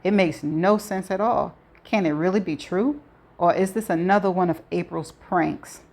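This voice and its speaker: A woman's voice: fairly low pitch, normal speed, a little mellow. Woman reading a novel aloud. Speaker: audiobook reader.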